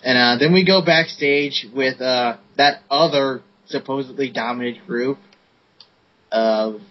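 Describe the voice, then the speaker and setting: A man co-hosting a casual wrestling review podcast recaps matches in a laid-back way, using many fillers. His medium-pitched voice keeps a measured pace, and the lo-fi podcast audio sounds dull with faint hiss.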